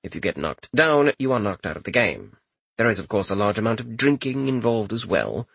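A man's voice: fairly low pitch, very animated, fairly quick, creaky, a bit bright, husky, no echo, full character voice. A man voicing a disapproving, sour-spoken chamberlain with a stiff, formal manner.

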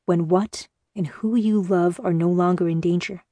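A woman reading the lines of a grim, pragmatic male captor who talks in a steady, matter-of-fact way. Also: lowish voice, moderate pace, no room sound, close to an everyday voice.

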